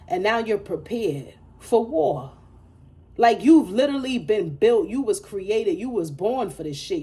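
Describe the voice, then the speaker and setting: A woman's voice: medium pitch, a little mellow. A woman giving a casual tarot reading, blunt and profane, repeating her points emphatically and laughing between lines. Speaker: tarot reader.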